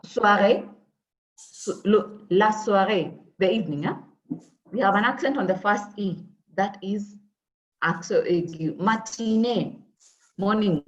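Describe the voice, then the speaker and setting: A woman teaching an online French class, explaining patiently with many pauses and fillers. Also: mid-range voice, dull audio. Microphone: video call.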